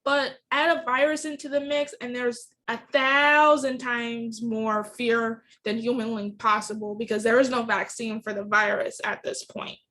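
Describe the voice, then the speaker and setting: Woman, young adult, podcast host, high voice, earnest, candid personal storytelling. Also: flat delivery, measured pace, hardly any pauses, pushed and bright. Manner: earnest, emotional, candid, with many restarts.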